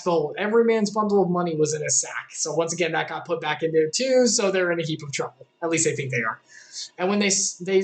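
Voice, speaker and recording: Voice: medium pitch, rough recording. A Bible study leader who reads scripture aloud and then paraphrases it in casual, chatty terms, with plenty of fillers.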